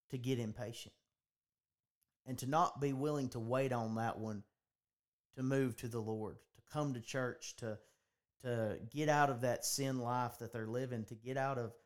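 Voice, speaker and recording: Earnest man preaching on a podcast. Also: mid-range voice. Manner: earnest, repeats words, restarts phrases. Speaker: podcast host. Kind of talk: preaching-style podcast talk.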